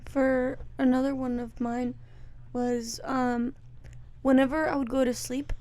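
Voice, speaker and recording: High-voiced young woman co-host. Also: little pitch movement, measured pace, dark tone. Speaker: podcast co-host. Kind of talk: casual chat.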